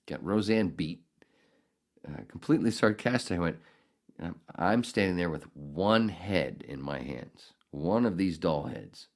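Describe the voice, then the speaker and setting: A middle-aged man hosting a podcast, telling a story in a casual, profane, animated way with bursts of outrage. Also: sits low, normal speed. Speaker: podcast host.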